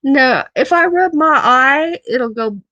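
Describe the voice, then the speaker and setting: Woman hosting a live chat, slow, laughing, dry close sound. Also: high voice, animated, bright, forceful tone, dry recording, lo-fi sound. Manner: laughs often, repeats phrases, affectionate. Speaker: host of a live-stream chat. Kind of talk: casual live-stream chat reading comments.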